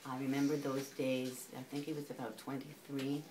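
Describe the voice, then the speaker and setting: A woman gently recalling an old friend at a memorial, in a slow, reflective way. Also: extremely low pitch, little pitch movement. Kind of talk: reflective remembrance. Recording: distant with clear background noise.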